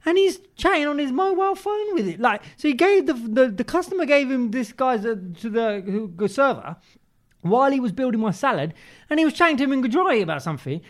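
A man co-hosting a casual chat show, teasing his friends and laughing easily. His voice is very high and swings widely, and he talks fast. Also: sing-song. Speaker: podcast co-host.

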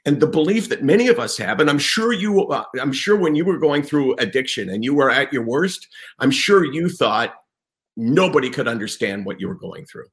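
A man hosts an interview and explains his points earnestly, leaning on key words for emphasis. He sets out his ideas in a steady, conversational flow. His voice sits at an ordinary middle pitch. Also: moderate pace.

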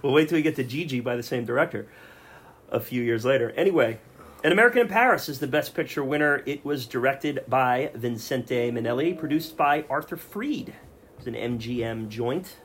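Male podcast host, mid pitch, casual delivery of facts with jokes, faint room noise. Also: lively intonation, fairly quick, fairly bright tone. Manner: reads film facts, jokes with co-hosts.

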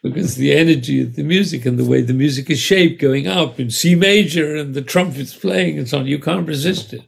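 An older man, a conductor and music educator, telling lively anecdotes in an interview, now and then acting out the voices of the people in them. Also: a little high, brisk, creaky, slightly rough. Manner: animated anecdotes with acted-out voices. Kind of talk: storytelling in an interview.

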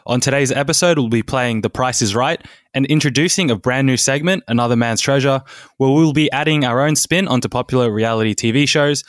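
A man's voice: medium pitch, a little fast, dry recording. Dry-humored young man. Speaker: podcast co-host. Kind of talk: casual podcast chat and intro.

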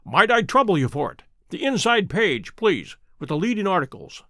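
A man voicing a keen, self-assured detective who speaks crisply and precisely, in a dry close recording. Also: high-pitched, sing-song, moderate pace, fairly bright tone, no echo, full character voice. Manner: crisp, precise and pleased with himself.

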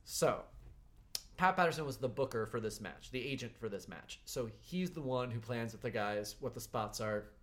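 Male host, mid-range voice, relaxed storyteller. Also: mid-range voice, moderate pace. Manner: recounts stories with quoted dialogue. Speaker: podcast host. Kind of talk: casual chat, storytelling.

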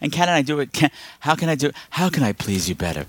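Animated, exasperated male podcast host. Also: quick pace. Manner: rambling, exasperated, sarcastic; animated, with lots of pitch swings. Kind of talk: casual film review podcast.

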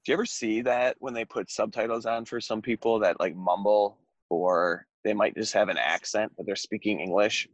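A man's voice: on the low side, fairly even intonation, normal speed, hardly any pauses, no room sound. A man co-hosting a casual podcast with an American accent, joking and laughing often as he chats. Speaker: podcast co-host. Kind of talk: casual chat.

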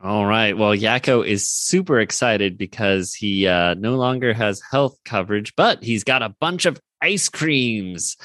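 A man co-hosting a fan podcast, recapping a cartoon episode in a rambling, animated way with many fillers. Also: fairly low pitch, a little slow, hardly any pauses, no echo. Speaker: podcast co-host.

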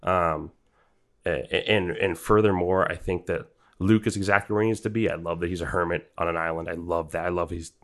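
A man with a very deep, low voice talks a film over with friends on a podcast. He is analytical and loose, piling on fillers and restarts as he builds his argument. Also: steady tone, a little fast, fairly bright tone. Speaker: podcast co-host. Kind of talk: casual film discussion.

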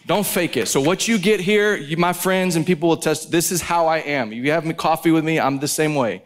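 A man's voice: a little high, a little fast, a little hiss or hum. A man preaching a sermon at a live conference, telling stories intensely and with animation.

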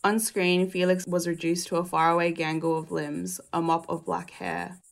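A young woman from Australia reading her personal essay aloud in a measured, reflective way. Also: fairly low pitch, level tone, vocal fry.

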